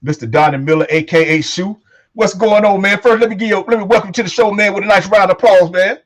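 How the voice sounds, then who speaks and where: A man hosting a laid-back talk show, talking fast in a slightly high voice. He swears freely and keeps tossing in "man" and "you know what I'm saying.". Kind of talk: casual talk show chat.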